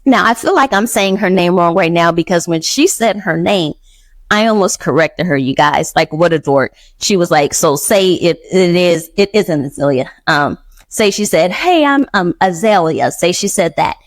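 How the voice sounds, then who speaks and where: A woman hosting a podcast, telling a personal story in a casual, animated way, acting out quotes and laughing often. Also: fairly low pitch, normal speed, no room sound. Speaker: podcast host.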